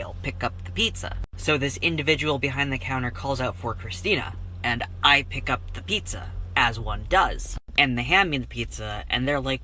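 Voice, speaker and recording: A young man telling a story in a wry, deadpan way. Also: medium pitch, normal speed, a little hiss or hum, poor audio. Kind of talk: comic story time.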